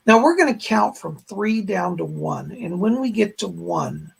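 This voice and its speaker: A man hosting a psychic live stream with a hoarse voice that keeps going out, chatting to viewers and leading a guided meditation. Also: high voice, animated, slow. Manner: speaks straight to viewers, frequent throat clearing. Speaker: psychic medium host.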